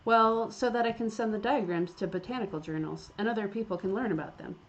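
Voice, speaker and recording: A woman's voice: medium pitch, a little fast, highs cut off, slight background noise, close to an everyday voice. A woman voicing a polite, fussy young British male botanist with a British accent, formal, earnest and stammering, in a game.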